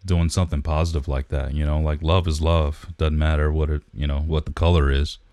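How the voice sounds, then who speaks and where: A man's voice: very deep voice, flat delivery, a little fast, darkish tone, no echo. A man co-hosting a podcast, chatting in a laid-back, rambling way with lots of fillers, recorded close on the mic. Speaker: podcast co-host. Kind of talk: casual chat.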